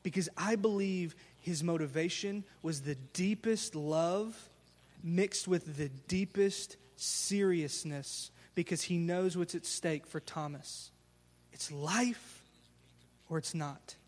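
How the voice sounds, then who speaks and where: Male pastor, high voice, animated storytelling sermon, long church-hall reverb. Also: slow. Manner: animated storytelling, acting out scenes with casual slang.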